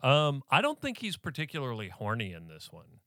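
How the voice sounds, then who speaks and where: A man's voice: mid-range voice, wildly swooping pitch, fairly quick, a bit bright, no echo, studio quality. A man co-hosting a podcast, chatting loosely about a film with friends, laughing easily. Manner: laid-back, laughing, loose. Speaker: podcast co-host. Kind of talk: casual film discussion.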